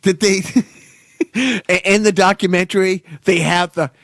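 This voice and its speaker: A man's voice: high-pitched, steady tone, a little slow, vocal fry, fairly bright tone, dry recording, clean studio sound. A middle-aged man co-hosting a podcast, chatting casually and animatedly, laughing often. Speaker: podcast co-host. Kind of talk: casual chat.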